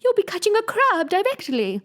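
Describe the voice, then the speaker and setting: A high, shrill old ewe with a snappish, bossy manner, her voice leaping up and down as she scolds, as a woman reading a storybook puts her on. She barks short orders with sharp impatience. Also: huge pitch swings, moderate pace, exaggerated voice. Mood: tart, bossy. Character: cross, bossy old female sheep knitting.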